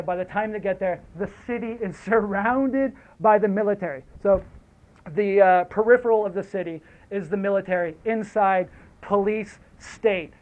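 A man giving a casual storytelling lecture, animated, slangy and profane, drifting into asides. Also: sits high, brisk. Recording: tinny phone-like audio.

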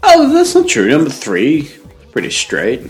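A man's voice: fairly high pitch, unhurried, faint music behind. A young man co-hosting a podcast in casual chat, making dry, crude jokes. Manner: dry, crude joking, animated. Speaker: podcast co-host.

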